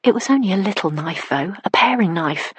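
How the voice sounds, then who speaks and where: A woman's voice: medium pitch, lively intonation, brisk, husky, no echo. A woman narrating a first-person psychological thriller in an intimate inner voice that sometimes drops to a whisper. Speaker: audiobook narrator.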